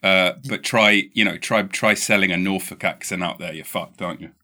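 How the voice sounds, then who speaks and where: Teasing podcast host, bright voice. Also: male voice, deep voice, steady tone, fairly quick. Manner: jokey, teasing. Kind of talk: casual chat.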